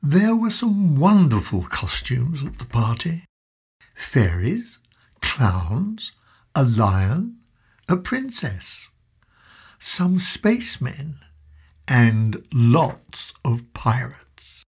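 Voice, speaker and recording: Husky low-voiced woman reading a storybook. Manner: expressive, slow storytelling. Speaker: narrator.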